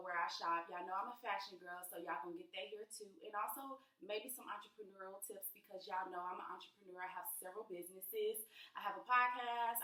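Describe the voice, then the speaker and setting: A woman's voice: medium pitch, bright, forceful tone, far from the mic. A young adult woman vlogger chatting casually with her viewers, blunt and swearing freely as she recaps a reality show. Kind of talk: casual vlog chat. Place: room at home with a cat. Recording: echoey room, off-mic.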